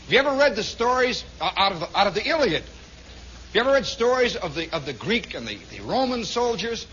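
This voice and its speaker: A man's voice: high voice, very animated, a little fast, a bit bright, a little hiss or hum. A man from Indiana telling a long, rambling story on his radio show, full of asides. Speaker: radio host. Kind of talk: storytelling monologue. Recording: dull lo-fi 1960s radio broadcast.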